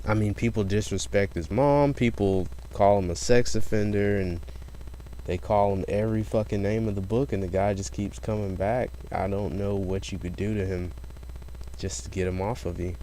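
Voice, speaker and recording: A man's voice: fairly low pitch, fairly even intonation, moderate pace, mellow, slight background noise. A man casually commenting on a recorded phone call, mocking and incredulous, swearing as he talks.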